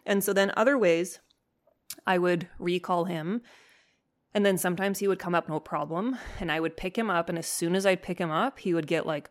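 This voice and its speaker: A woman dog trainer hosting her podcast, telling stories in a casual, animated way, swearing freely and acting out her own lines. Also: on the low side, fairly quick. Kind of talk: casual storytelling monologue.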